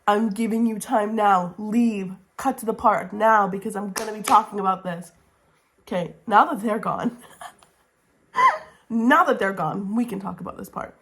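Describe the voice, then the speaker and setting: A young woman book vlogger talking to her camera at home in a casual reading wrap-up, gushing and excitable, swearing casually and repeating herself. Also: medium pitch, a little slow. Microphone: camera mic, talking to camera.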